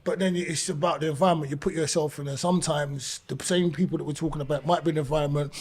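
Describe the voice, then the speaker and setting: A man's voice: on the high side, quick pace, husky. A man hosting a casual podcast chat, telling stories and acting out what people say. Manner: animated storyteller, acts out quotes. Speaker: podcast host.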